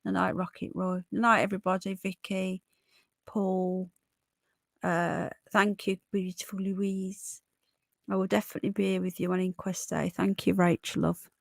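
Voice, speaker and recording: A hoarse woman in her early forties talks casually to her livestream viewers, her voice gravelly and full of fry. She sounds dry and close, with no room around her, and keeps calling people love and darling. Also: medium pitch, level tone, moderate pace, dry recording. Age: 40s. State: hoarse from illness. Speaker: livestream host. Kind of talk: casual live chat.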